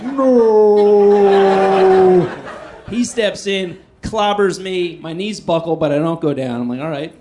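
A man performing stand-up, telling a story in a self-deprecating, animated way and swinging between loud outbursts and hushed asides. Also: on the high side, noisy background. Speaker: stand-up comedian.

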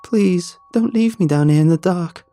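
A man voicing a monstrous, grieving train creature that cries out in high, desperate shrieks. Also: moderate pace, dark tone, no room sound, soft background music. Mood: desperate wail.

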